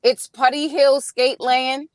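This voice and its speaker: A woman's voice: sits high, fairly even intonation, measured pace, no echo. A woman in her thirties with a Baltimore accent, calling in by phone while driving and chatting with upbeat laughter and many "um"s. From Baltimore, Maryland. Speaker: singer calling in. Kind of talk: casual call-in chat. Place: in a car, driving.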